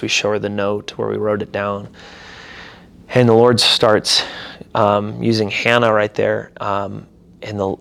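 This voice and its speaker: A man's voice: lowish voice, vocal fry, a bit bright. A young adult man, a pastor, telling a personal story casually in an interview and animatedly acting out quoted voices.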